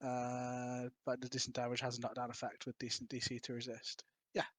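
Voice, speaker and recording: Male player, bright tone, dry close mic, rules-checking manner. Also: medium pitch, monotone, brisk, no room sound. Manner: questioning, reads out rules. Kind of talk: casual tabletop play.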